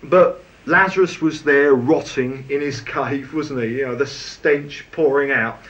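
A man preaching a sermon in a lively, conversational way with touches of humor. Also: medium pitch, a little slow. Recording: dull lo-fi recording.

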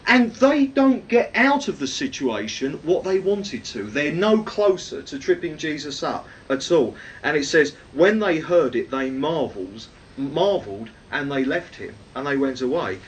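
A man's voice: sing-song, a little slow. A man preaching a sermon, teaching from the Bible and often asking his listeners questions. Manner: emphatic, rhetorical questions to listeners. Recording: distant mic, faint rumble.

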